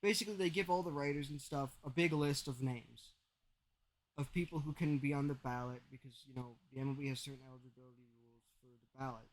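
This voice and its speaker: A man's voice: medium pitch, fast talker, a little hiss or hum, low-quality recording. A young man co-hosting a podcast, chatting casually about sports and explaining things at length with plenty of restarts. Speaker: podcast co-host.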